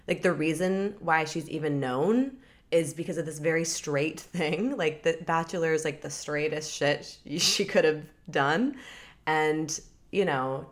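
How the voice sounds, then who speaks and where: A young woman co-hosting a casual gossip podcast, upbeat and chatty, laughing often. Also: low voice. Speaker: podcast co-host. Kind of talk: casual celebrity gossip chat.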